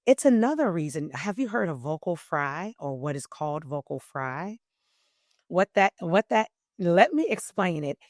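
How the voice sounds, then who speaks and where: A woman voice coach explaining in an interview, teacherly and emphatic, swinging between loud and soft phrasing. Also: on the low side, very animated, moderate pace, no echo, clean studio sound.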